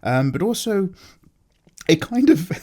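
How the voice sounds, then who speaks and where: A man's voice: sits high, very animated, a little slow, a little mellow. A tired man rambling casually and jokily as the host of an unedited chat. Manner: loose, chatty, jokey, many fillers. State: tired, low energy. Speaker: artist and channel host.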